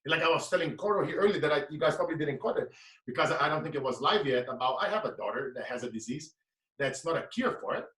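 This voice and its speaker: Impassioned man, bright high voice. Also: expressive, fast talker. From Brazil. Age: late 30s. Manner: preaching, repetitive, emphatic. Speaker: motivational speaker guest. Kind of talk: impassioned motivational talk. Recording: echoey room, mic at a distance.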